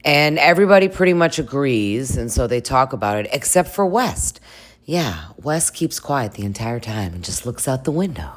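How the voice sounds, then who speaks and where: In a sing-song bass voice at normal speed, a female vlogger chats casually about a reality TV show. Crude and full of laughter, she imitates the cast members as she recaps.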